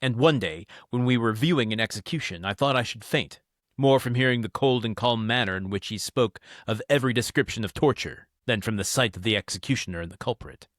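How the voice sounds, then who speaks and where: A man's voice: medium pitch, brisk, dry recording, studio quality, lightly acted. A man voicing an eager young French nobleman who insists earnestly and defends himself when teased.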